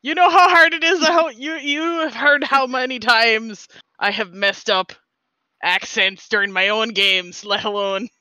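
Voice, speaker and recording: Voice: mid-range voice, steady tone, a little slow, pushed and bright, no room sound, poor audio. A podcast co-host and game master chatting casually, laughing often and talking in a playful pirate voice.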